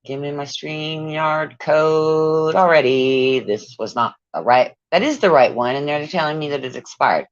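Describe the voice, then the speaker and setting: A woman's voice: low voice, unhurried, few pauses, no room sound. A woman on a casual livestream, profane and exasperated, muttering to herself as she goes. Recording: dull lo-fi sound.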